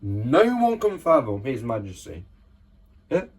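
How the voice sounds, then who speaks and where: A man's voice: medium pitch, wildly swooping pitch, measured pace, darkish tone, breathy edge. A man giving casual Bible teaching, reading scripture verses aloud and often checking in with his listeners. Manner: conversational, keeps checking in with listeners.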